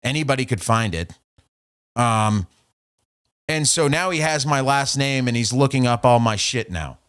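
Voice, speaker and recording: A man's voice: medium pitch, animated, unhurried, a bit bright, clear, resonant tone. A man hosting a podcast, casually telling a story in a mocking, profane way. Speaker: podcast host.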